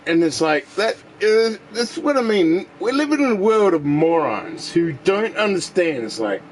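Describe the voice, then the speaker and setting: A man's voice: high-pitched, big pitch swings, moderate pace. A man from Australia with an Australian accent, ranting profanely and opinionated while playing a game. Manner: profane, opinionated, mocking voices in quotes. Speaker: gaming streamer. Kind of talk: rambling casual rant while gaming.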